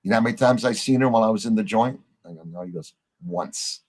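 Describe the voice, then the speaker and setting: A middle-aged man, a podcast guest, telling a story in a lively way, acting out the lines of the people in it and swearing casually. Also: on the low side, fast talker. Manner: animated storyteller, acts out quoted dialogue, swears casually.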